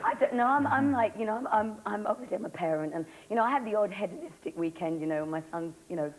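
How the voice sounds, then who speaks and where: An actress being interviewed on a talk show, rambling and giggly, with a slightly hoarse voice. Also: female voice, medium pitch, animated, rough recording. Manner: rambling, giggly, fast storyteller. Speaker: guest actress.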